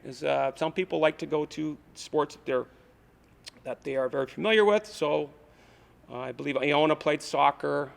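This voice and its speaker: A man's voice: a little high, moderate pace, gravelly. A man coaching at a school awards ceremony, giving a rambling speech full of fillers and restarts. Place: school gym or auditorium. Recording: echoey hall.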